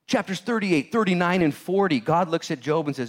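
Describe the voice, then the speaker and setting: A man's voice: on the high side, brisk, hardly any pauses. A man preaching a sermon as a pastor, telling stories with acted-out voices and jokes. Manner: animated storytelling, acts out voices of characters; jokey, laughs at own jokes.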